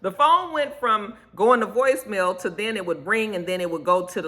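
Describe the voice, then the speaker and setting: A woman chatting through a reality-show recap to camera, telling it with sassy slang and drawn-out emphasis. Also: medium pitch, lively intonation, pushed and bright.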